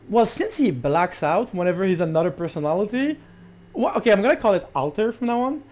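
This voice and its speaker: A man's voice: high-pitched, animated, fairly quick. A man co-hosting a podcast in casual chat, eager and stumbling over the starts of his words. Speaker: podcast co-host. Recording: dull lo-fi mic.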